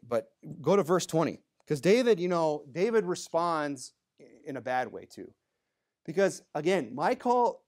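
A man with a fairly high speaking voice preaches a sermon in a church. He talks in a loose, conversational way, full of asides, and jumps from loud, emphatic bursts down to low, quiet remarks. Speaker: pastor.

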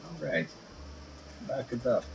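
A man's voice: medium pitch, very animated, takes it slowly. A man giving rambling, playful let's play commentary, on dull lo-fi audio with hiss. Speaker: game video host.

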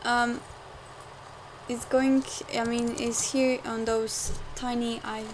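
A young woman rambling through casual gameplay commentary, full of fillers and quick to get frustrated, recorded at home on a desktop mic. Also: a little high, flat delivery, background noise. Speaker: game let's player. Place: home room, car audible outside.

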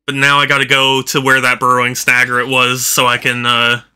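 A man's voice: medium pitch, completely flat delivery, fairly quick, pushed and bright, clear, resonant tone. A man doing casual live-stream commentary while playing a video game, tired and yawning, rambling with lots of fillers and restarts.

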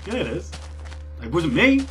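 A man's voice: high-pitched, sing-song, moderate pace. A young man hosting a gaming video, joking around, pleading and teasing in a goofy, whiny way. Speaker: gamer host. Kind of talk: casual gaming banter. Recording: game music behind.

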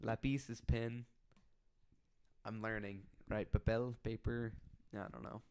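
A man's voice: fairly low pitch, level tone, a little slow, darkish tone, clear, resonant tone. A man co-hosting a casual podcast, telling rambling stories about his job as a detention officer and acting out the people he quotes. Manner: rambling storyteller who acts out quoted people.

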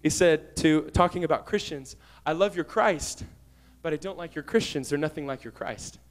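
A young man giving a fervent sermon as a guest preacher, rising to shouts and dropping into quick asides. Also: a little high.

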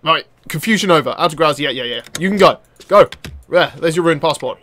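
A young man gives fast-reacting let's-play commentary into a desk mic. His voice sits a little high for a man, and he jumps between mutters and loud yelps. He swears freely and chats to the game's characters as if they were standing in front of him. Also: no room sound. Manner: excitable, swears and laughs, talks to game characters. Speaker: gaming channel host.

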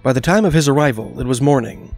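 A man reading a scripted documentary narration in a measured, even storytelling manner. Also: medium pitch, gravelly, faint music behind.

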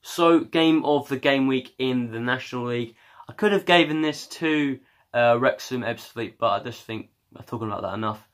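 A man's voice: medium pitch, moderate pace. A young man chatting casually about football news, rambling and hesitant with lots of ums and uhs. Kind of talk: casual chat.

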